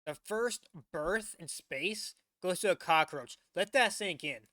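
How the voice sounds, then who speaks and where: A man casually reacting to a video, rambling and excitable as he talks. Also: high-pitched, slow pace, no echo. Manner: rambling, excitable, many restarts. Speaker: reaction channel host.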